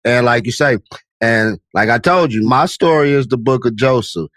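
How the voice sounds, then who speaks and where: A man's voice: medium pitch, moderate pace, fairly bright tone, no room sound. A man hosting a podcast interview, talking in a preachy way and often checking in with his listener. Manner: preachy, repeats "you know what I'm saying". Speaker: podcast host.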